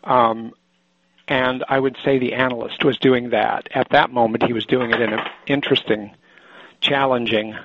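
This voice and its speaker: An older man from Oregon, a psychoanalyst, telling a personal story in a halting, thoughtful way with many restarts, on a muffled lo-fi recording. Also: mid-range voice, fairly even intonation, background noise. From Oregon, USA.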